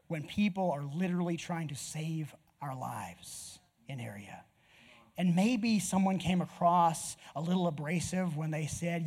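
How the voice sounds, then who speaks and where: A middle-aged man preaching a sermon, telling a story with lively swings from loud outbursts to near whispers. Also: on the high side, unhurried, slightly rough. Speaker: pastor.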